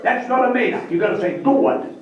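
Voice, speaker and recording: High-voiced Maine humorist in an echoey hall. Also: male voice, fast, muffled recording. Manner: broad drawled joking, teasing the crowd with call-and-response. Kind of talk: stand-up comedy lesson to an audience. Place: hall with a live audience. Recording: echoey hall, mic far off, crowd audible.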